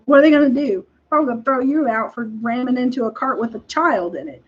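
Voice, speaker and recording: A young woman, hosting a casual chat and telling stories in an animated, exasperated way with frequent laughs. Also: sits high, a little fast, breathy edge. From Texas. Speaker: podcast host. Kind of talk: casual storytelling. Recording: dull lo-fi recording.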